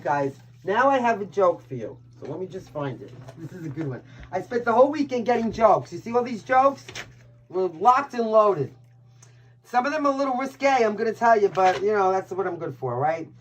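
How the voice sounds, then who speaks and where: A woman's voice: medium pitch, big pitch swings, brisk, low-quality recording. Brash chatty woman reading tarot. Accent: Brooklyn New York. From Brooklyn, New York. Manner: chatty, brash, swears and laughs at own jokes. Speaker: tarot reader and live-stream host. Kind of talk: casual live-stream tarot reading.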